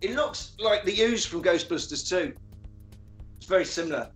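A man with a slightly high voice tells the film's story casually, swearing and acting out lines. His voice rings in a roomy, echoey space over faint music. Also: animated, moderate pace. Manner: retells scenes with acted-out quotes and swearing. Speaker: podcast host recapping a film. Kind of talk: casual film recap chat.

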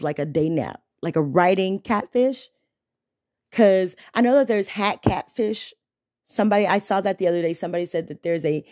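A young adult woman chats on her own podcast in a lively storytelling way. She acts out the lines other people said to her. Her voice sits at a medium pitch, and the recording is dry, with no room echo. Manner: animated storytelling, mimics the men's messages. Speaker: podcast host. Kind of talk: casual solo podcast chat.

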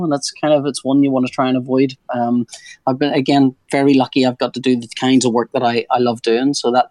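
A man in his forties chats loosely as a guest, circling back on himself and tossing in jokes as he goes. His voice sits at an ordinary middle pitch. The sound is dry and close, with no room around it. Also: darkish tone, no room sound. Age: 40s. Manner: rambling, self-interrupting, jokey. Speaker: comic artist guest. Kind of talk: casual interview chat.

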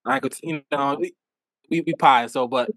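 A man co-hosting a casual chat podcast, telling stories in an animated way and laughing often. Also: medium pitch, moderate pace, dry recording. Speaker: podcast co-host.

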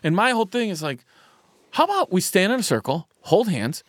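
A man with a high, sing-song voice speaks briskly in a clean studio recording with no echo. As a podcast co-host in casual conversation, he rambles, packing in fillers and restarts.

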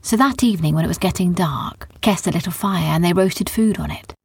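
A woman telling a children's bedtime story in a calm, soft, descriptive way. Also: fairly low pitch, fairly quick, breathy edge, no echo.

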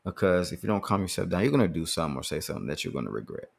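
A man's voice: deep voice, very animated, rapid-fire, creaky, slightly rough. A man hosting a podcast, talking earnestly and casually about handling anger, often repeating words as he thinks. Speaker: podcast host. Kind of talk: casual motivational talk.

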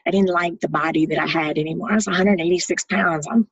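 A woman's voice: lowish voice, steady tone, fast talker, husky, no echo, muffled recording. A middle-aged woman giving candid, plain-spoken personal testimony. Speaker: storyteller.

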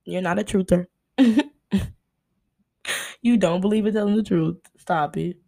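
A young woman hosting a casual solo podcast, ranting in an animated, exasperated way and calling her listeners "y'all" and "honey.". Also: medium pitch, unhurried, gravelly. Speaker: podcast host.

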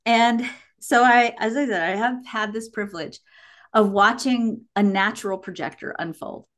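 A woman guest on a podcast interview, telling stories in an animated way, laughing and quoting herself. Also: on the high side, moderate pace. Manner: animated storytelling with laughs and quoted asides. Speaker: guest, human design teacher.

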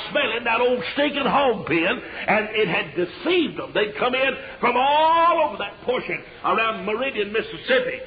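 A Southern evangelist with an East Tennessee accent preaches a revival sermon in a fairly high voice, telling folksy stories and breaking into shouts. The live church recording is dull and lo-fi, with a congregation calling out amens behind him. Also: male voice. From Tennessee, USA. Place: church service before a congregation.

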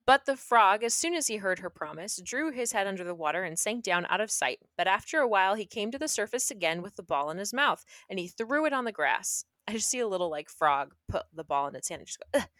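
A woman's voice: medium pitch, big pitch swings, fairly quick, hardly any pauses, a bit bright, no room sound. A young woman reading a fairy tale aloud and breaking off into playful, sarcastic jokes. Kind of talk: reading a story aloud with joking asides.

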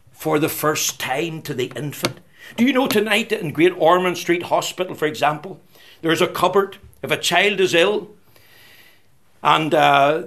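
A man preaching a fervent evangelistic sermon, rising to loud declarations and dropping to hushed, whispered scripture quotes. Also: fairly high pitch.

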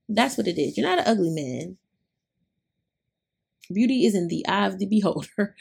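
A woman's voice: mid-range voice, normal speed, vocal fry, darkish tone, husky. A young adult woman, hosting a podcast and retelling a story in casual chat, laughing often. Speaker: podcast host.

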